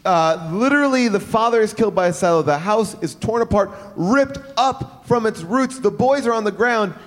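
A man's voice: high-pitched, moderate pace. A man co-hosting a casual movie review chat, wry and rambling. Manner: wry, rambling, playful impressions. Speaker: podcast co-host.

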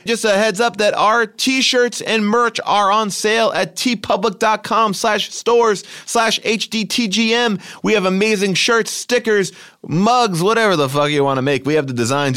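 A man's voice: high-pitched, a bit bright. A man reading a plug on a live show, hamming up a salesy tone with crude asides. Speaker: podcast host reading a plug. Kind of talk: mock-hyped sponsor read.

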